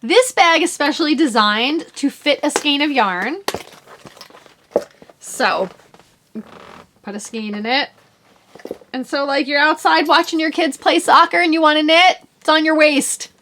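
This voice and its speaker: A woman in her forties hosts a knitting podcast, chatting casually and rambling as she shows off her purchases and pokes fun at herself. Her voice is high-pitched and sharp, with a measured pace and frequent pauses, over slight background noise.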